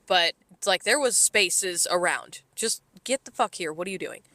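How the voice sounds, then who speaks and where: A woman's voice: on the low side, expressive, moderate pace, sharp tone, no room sound. A woman co-hosting a podcast, telling a story in a casual, exasperated and profane way. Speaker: podcast co-host.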